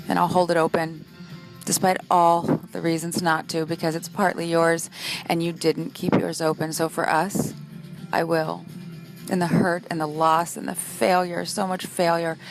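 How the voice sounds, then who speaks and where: A woman performing spoken-word poetry in an intimate, heartfelt, reflective way. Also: on the low side. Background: faint music.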